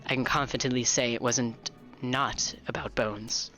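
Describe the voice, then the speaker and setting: A streamer voicing a calm, cryptic girl troll while reading a visual novel aloud, speaking slowly and low. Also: faint music behind. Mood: calm, wistful. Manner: slow, low, hushed delivery.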